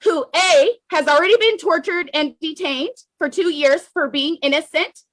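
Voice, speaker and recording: An American woman with a very high voice delivers an emotional political monologue straight to her audience. She is fiery and insistent, repeating lines to drive them home. The recording is dry and close, with no room echo. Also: normal speed, a bit bright. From United States. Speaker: political commentator. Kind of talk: impassioned political monologue to camera.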